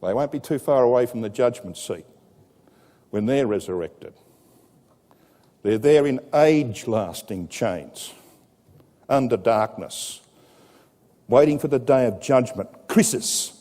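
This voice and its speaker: A man preaching a sermon to a congregation, telling a scripture story with dramatic rises and a lively, animated delivery. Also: mid-range voice, unhurried, long pauses. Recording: echoey hall with long reverb.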